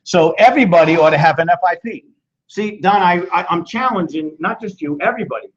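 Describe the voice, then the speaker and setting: Animated older man pitching from afar. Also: brisk. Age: 60s. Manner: animated, joking, fires questions at the audience. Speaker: financial seminar presenter. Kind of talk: lively sales seminar talk. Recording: echoey dull room sound from far off.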